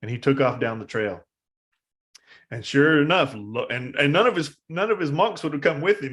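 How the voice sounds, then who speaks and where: A man giving a dharma talk at a live meditation service, telling a story in a casual, halting way with many fillers. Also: fairly high pitch, a bit bright. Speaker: meditation teacher.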